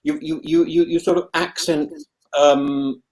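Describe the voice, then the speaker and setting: A man's voice: a little high, steady tone, a little slow, a little mellow. A man co-hosting a podcast in a casual, playful chat, often stammering and repeating words. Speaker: podcast co-host.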